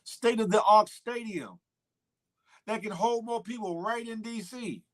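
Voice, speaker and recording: A man's voice: high voice, measured pace. A man hosting a casual morning livestream, talking back to chat and repeating himself for emphasis. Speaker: morning show host reading live chat.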